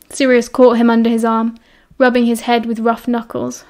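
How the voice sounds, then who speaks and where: A woman narrating a fan-fiction audiobook in a steady, even reading voice. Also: on the high side, moderate pace.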